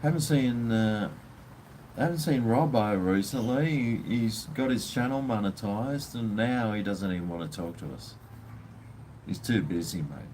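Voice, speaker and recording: A man's voice: lowish voice, measured pace, a little mellow, slight background noise. A man with an Australian accent, ranting bluntly and swearing as he chats casually with viewers on his livestream. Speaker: live stream host.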